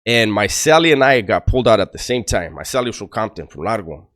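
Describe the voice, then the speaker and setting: A middle-aged former prisoner speaks to the camera, giving blunt life advice and rambling prison stories while swearing freely. His voice is lowish and a bit bright, expressive and fast.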